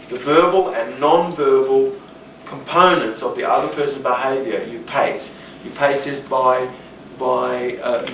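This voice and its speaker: A man's voice: medium pitch, slight background noise. Roomy distant man teaching. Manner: rambling, animated, acts out quoted voices. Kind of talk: teaching talk on rapport.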